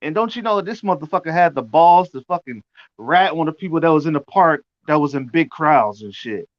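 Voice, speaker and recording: A man's voice: on the high side, animated, brisk, no room sound. A man hosting a podcast, ranting crudely and indignantly in casual chat. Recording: dry, muffled lo-fi audio.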